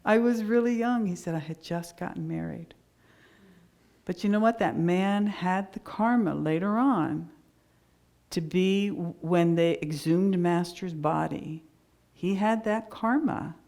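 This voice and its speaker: A woman's voice: on the low side, mellow. Earnest woman giving a sermon. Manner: earnest, conversational storytelling with frequent restarts. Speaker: minister.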